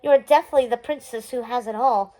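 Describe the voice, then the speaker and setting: A woman voicing a gentle, wistful fairy girl in a storybook read-aloud. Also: fairly high pitch, quick pace, close to an everyday voice, low-quality recording.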